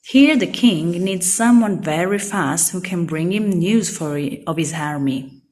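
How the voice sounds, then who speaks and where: A woman reads a children's storybook aloud, every word clear and simple. Her voice sits low, and she takes her time. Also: expressive, measured pace, a little mellow. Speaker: storybook reader. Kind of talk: slow read-aloud for young learners.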